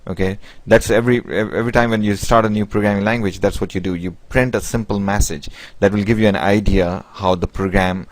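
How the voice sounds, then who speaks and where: In this screen-recorded coding tutorial, a man explains each step in a halting way, restarting often and leaning on "basically" and "you know." He speaks on the low side with fairly even intonation, over a rough recording.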